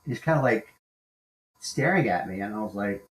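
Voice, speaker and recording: Man, 60s, deep-ish coach voice, roomy echo, emphatic list-maker. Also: lively intonation, moderate pace. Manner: emphatic, enumerates points. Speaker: guest executive coach. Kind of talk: conversational interview storytelling.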